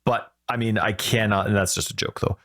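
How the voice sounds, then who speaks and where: A man hosting a gaming podcast, talking in a rambling, excitable way and often correcting himself mid-sentence. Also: on the low side, a little fast. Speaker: podcast host. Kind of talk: casual podcast chat.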